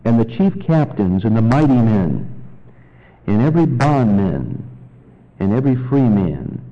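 A man preaching a sermon and reading scripture, teaching in a measured, deliberate way with solemn emphasis. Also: mid-range voice, mellow, muffled recording. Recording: long reverb of a large hall.

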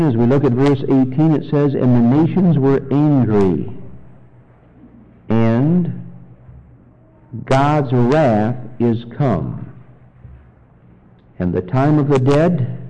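A man preaching a sermon and reading scripture, teaching in a measured, deliberate way with solemn emphasis. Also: medium pitch, lo-fi sound. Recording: long reverb of a large hall.

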